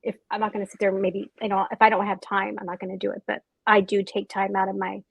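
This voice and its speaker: Effusive woman author, husky and dry. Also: mid-range voice, level tone, no echo, low-quality recording. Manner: effusive, gushing, talks fast with quoted asides. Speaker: author on a festival panel. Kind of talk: casual panel chat.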